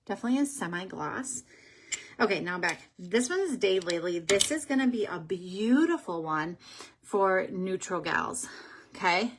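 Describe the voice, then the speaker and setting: A woman with a breathy, slightly husky voice hosts a casual makeup vlog. She chats and thinks aloud as she swatches colours, unsure of some names and now and then falling to a soft whisper. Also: medium pitch, lively intonation, a little slow. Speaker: beauty vlogger host.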